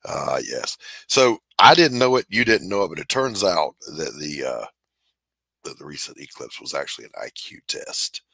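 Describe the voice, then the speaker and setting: Man, very low voice, bright and forceful, wisecracking podcast host, dry close mic. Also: big pitch swings, normal speed, gravelly, breathy edge, no room sound. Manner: wisecracking, laughs and coughs through jokes. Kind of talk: casual comedic chat.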